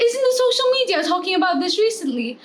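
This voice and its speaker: A woman voicing a prim, mannered English gentleman with a put-on English accent. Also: extremely high pitch, big pitch swings, fast talker.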